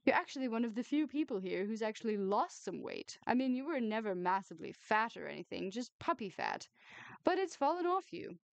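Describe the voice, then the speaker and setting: A woman's voice: on the high side, big pitch swings, a little fast, creaky, dry recording. A woman voicing a tactless, gossipy woman at a wedding, prying and gushing in a raised, emphatic voice. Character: tactless gossipy woman, early thirties, nosy.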